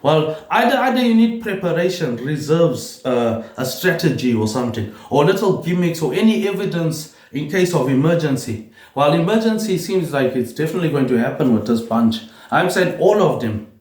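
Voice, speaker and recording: A man rambling through a solo vlog monologue, repeating words and tagging his lines with a low "mate, eh". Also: lively intonation, moderate pace, a little mellow. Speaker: vlogger. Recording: roomy echo.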